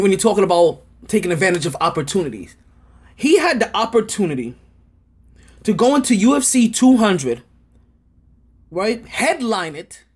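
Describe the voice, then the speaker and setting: Husky man ranting on a sports podcast. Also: very high-pitched. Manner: rambling, repetitive, emphatic. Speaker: podcast host.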